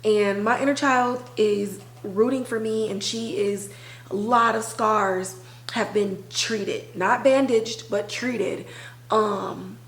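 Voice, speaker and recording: A woman hosting a podcast, talking candidly and emotionally in a casual recap with slangy, conversational phrasing. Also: mid-range voice. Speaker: podcast host. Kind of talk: personal TV recap monologue. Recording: echoey room.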